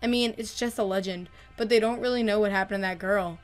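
A woman voicing a teenage boy lifeguard who teases and warns in the same breath, flat and matter-of-fact. The pitch sits mid-range for a woman, with faint music drifting underneath. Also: quick pace, natural voice. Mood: ominous.

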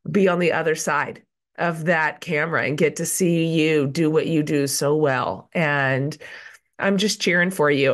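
A woman hosting a podcast, under the weather and a little crackly, talking in an effusive, gushing way. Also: deep voice. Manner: effusive and warm, with many fillers. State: sick and slightly hoarse. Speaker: podcast host. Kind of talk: casual interview chat.

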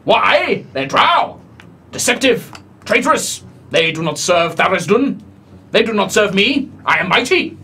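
Tabletop villain: a man playing an ancient male god, pompous and scornful, bright tense tone. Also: very animated, unhurried, a little hiss or hum, exaggerated voice. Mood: haughty. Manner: booming proclamations, theatrical scorn. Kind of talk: live tabletop game role-play.

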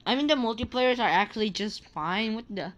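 Laughing frequently, a young gaming-channel host teases and jokes her way through Roblox gameplay commentary. Her voice runs on the high side, fairly quick and a bit bright.

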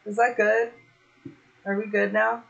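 A woman hosting a casual livestream, chatty and excitable, swearing freely as she talks. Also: mid-range voice, measured pace, vocal fry, highs cut off. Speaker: livestream host.

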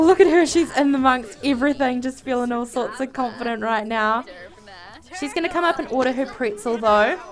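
A woman giving casual, excitable commentary while playing a life-simulation game, giggling and exclaiming often. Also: fairly high pitch. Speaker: let's play gamer.

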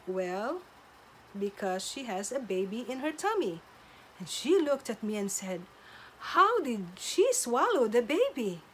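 A middle-aged woman, a teacher, telling classroom stories in a careful, measured way with pauses. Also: a little high, slight background noise. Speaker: substitute teacher. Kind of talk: casual storytelling to camera.

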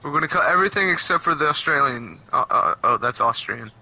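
Bright, animated young guy gaming. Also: a little high, quick pace. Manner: excitable, swears a lot, laughs often. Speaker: gamer. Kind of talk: casual co-op gaming chat.

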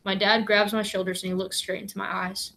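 A woman reading a novel aloud in a measured, gentle way. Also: mid-range voice, level tone, creaky, slight background noise. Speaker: audiobook reader.

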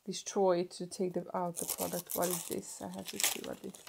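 A woman's voice: on the low side, vocal fry, noisy background. Gushing woman unboxing beauty products. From Sweden. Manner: gushing, excitable, pauses and restarts as she unwraps. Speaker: beauty vlogger.

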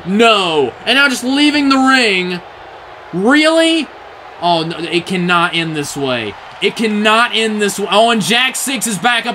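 A man giving excited play-by-play wrestling commentary, often shouting in disbelief, his voice getting strained. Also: high-pitched, a little slow, some chatter behind, a little hiss or hum, low-quality recording.

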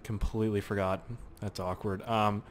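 A young man giving casual, excitable commentary while playing a video game, swearing and exclaiming often. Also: lowish voice, normal speed, a little hiss or hum. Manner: excitable and profane, frequent exclamations and laughs. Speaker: gameplay commentator.

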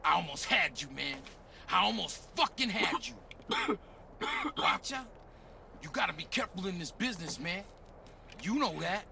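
A volatile gangster interrogator. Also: male voice, high-pitched, lively intonation, moderate pace, gravelly, pushed and bright, a little hiss or hum, exaggerated voice. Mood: mocking. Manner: threatening, profane, then mocking. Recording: game cutscene audio with faint sound effects.

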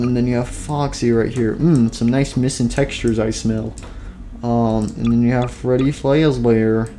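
Sitting at his computer, a man gives casual gameplay commentary in a medium-pitched voice with a dark tone. The gaming YouTuber rambles and leans on fillers, putting himself down, and comes across as tired and short of breath.

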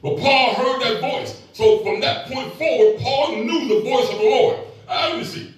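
A middle-aged pastor with a very high voice preaches a sermon at a normal speed, trading call-and-response with the congregation and tossing in playful asides. The mic sits at a distance in an echoey room.

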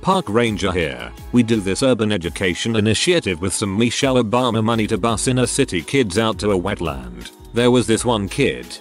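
A man reading online stories aloud in an even, matter-of-fact narration. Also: fairly low pitch, brisk, few pauses, faint music behind. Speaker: story narrator.

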